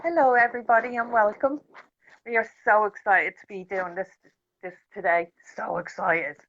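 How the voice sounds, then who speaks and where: A woman's voice: medium pitch, steady tone, moderate pace, fairly bright tone. An encouraging woman co-hosting a live online masterclass over a video call. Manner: encouraging, cheerful. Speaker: co-host coach. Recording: dull video call audio with faint noise.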